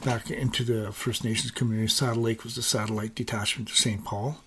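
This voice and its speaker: An older man from Canada, a podcast guest, telling his life story in a steady, plain way with small fillers. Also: on the low side, fairly quick, a little hiss or hum. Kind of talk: interview storytelling.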